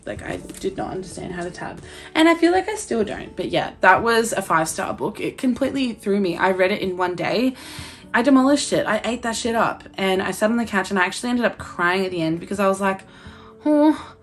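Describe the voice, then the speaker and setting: A young Australian woman chatting excitedly about her favourite books, gushing and swearing casually. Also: mid-range voice, brisk, faint music behind. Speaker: book vlogger. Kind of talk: casual chat.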